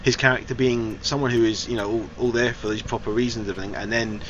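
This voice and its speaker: A man's voice: mid-range voice, fairly even intonation, fast talker, fairly bright tone. A man giving a casual, frank spoken film review, his sentences loose and wandering. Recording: slightly dull recording with faint hiss.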